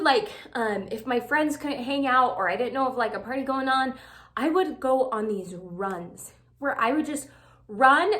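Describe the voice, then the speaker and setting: A young woman vlogger talks casually to the camera, giving breakup advice in a chatty, filler-heavy way and acting out quoted texts. Her voice is high with a fairly bright tone.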